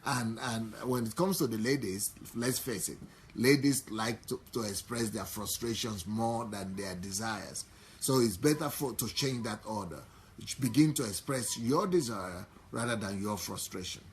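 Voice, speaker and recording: A man with a Nigerian accent preaching a sermon, unhurried and repetitive, often pausing with fillers. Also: lowish voice, a little hiss or hum. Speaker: pastor.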